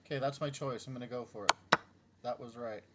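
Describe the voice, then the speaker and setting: A man's voice: medium pitch, fairly even intonation, a little fast, noisy background. A middle-aged man casually thinking aloud as he works through chess puzzles, muttering move by move and teasing himself when he slips. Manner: mutters through moves, self-deprecating outbursts. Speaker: chess YouTuber solving puzzles.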